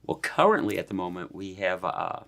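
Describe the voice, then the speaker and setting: A man's voice: low-pitched, very animated, fairly quick, a bit bright. A man from Boston, a chef, answering interview questions in an easygoing way with short, agreeable replies. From Boston, USA. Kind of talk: casual interview chat.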